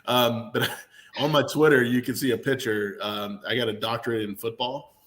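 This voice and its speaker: A Clemson fan in his thirties appears as a sports radio guest, speaking at medium pitch and a moderate pace. His chat is relaxed and jokey, full of animated fan stories.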